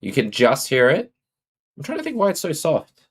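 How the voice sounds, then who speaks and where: A man's voice: a little high, huge pitch swings, normal speed, fairly bright tone, husky. A man with an Australian accent chatting casually on a live stream, greeting and answering his viewers.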